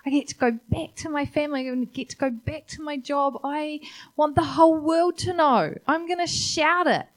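A woman preacher voicing an overjoyed man who has just been healed, exclaiming his gratitude loudly. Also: high voice, moderate pace, pitched above the performer's own voice, lightly acted. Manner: loud, exclaiming, breathless gratitude.

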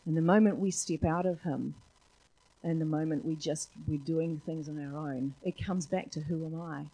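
Husky New woman telling stories. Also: low voice, moderate pace, poor audio. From New Zealand. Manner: animated storyteller, laughs often, acts out voices. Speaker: church speaker. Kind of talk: sermon with personal storytelling.

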